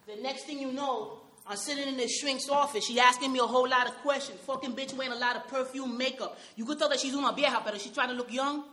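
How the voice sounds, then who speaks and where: A woman's voice: high voice, fairly even intonation, quick pace, fairly bright tone. A woman playing a tough young Nuyorican man. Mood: scornful. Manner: tough, confrontational street talk mixed with Spanish. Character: streetwise young Puerto Rican man from Brooklyn, hardened and bitter. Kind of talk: dramatic monologue.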